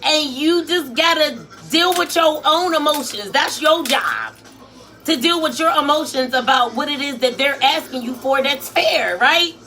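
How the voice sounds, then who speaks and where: A woman's voice: sits high, a little slow, faint music behind. A woman with a Philadelphia accent telling a story in casual vlog chat, slangy and swearing freely, acting out what people said. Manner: animated, slangy, swears freely, acts out quotes. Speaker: vlogger and life coach.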